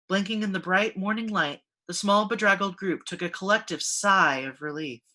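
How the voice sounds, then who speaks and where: A woman narrating a fantasy story aloud, expressive and steady. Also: on the low side. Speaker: fiction reader. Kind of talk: audiobook fantasy reading.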